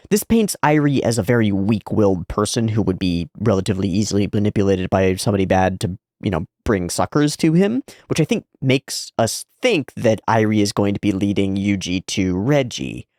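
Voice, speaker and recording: A man giving casual, chatty reaction commentary, swearing freely as he talks. His pitch swings widely, and the recording is dry and close with no room sound. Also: darkish tone, no room sound. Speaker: anime reaction host.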